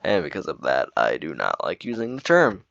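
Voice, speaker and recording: A man's voice: very deep voice, wildly swooping pitch, moderate pace, gravelly, fairly bright tone, dry recording. A man giving casual commentary on his own video, rambling with lots of fillers and restarts. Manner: rambling, filler-heavy explaining. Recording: dull dry lo-fi mic.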